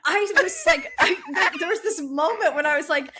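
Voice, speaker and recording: A woman's voice: high voice, animated, normal speed, sharp tone. An American woman co-hosting a podcast, talking thoughtfully about a book in casual chat, full of fillers and light laughs. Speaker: podcast co-host.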